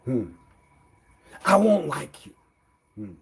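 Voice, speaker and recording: Slow, rambling man muttering to himself. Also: on the high side, big pitch swings, vocal fry, husky. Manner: argues back and forth with himself, repeating words; swings between quiet mutters and loud exclamations. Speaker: livestreamer. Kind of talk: rambling live-stream monologue.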